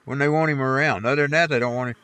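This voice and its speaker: Very fast but steady in tone, his mid-range voice comes across fairly bright and clean in a dry recording. This streamer chats casually as he plays, rambling folksily about faith and scripture and dropping preachy asides.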